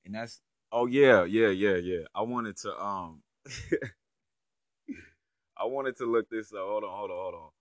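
A man's voice: fairly low pitch, a little slow, long pauses, no echo. A man giving casual, profane reaction commentary on a clip, incredulous and heavy on slang. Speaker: online commentator.

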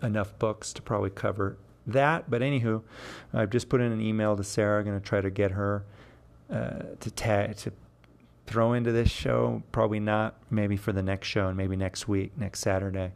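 A man in his fifties talks through a casual solo episode of his poetry show. His voice sits low with a gravelly edge. He rambles, restarts phrases and corrects himself, with frequent small chuckles. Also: fairly even intonation, moderate pace, a little mellow. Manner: chuckles often mid-sentence.

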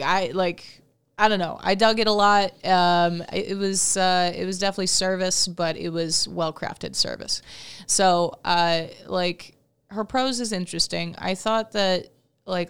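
A woman's voice: fairly low pitch, clean tone. A woman co-hosting a casual chat, rambling cheerfully about books and films. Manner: rambling, laughs easily. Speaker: podcast co-host.

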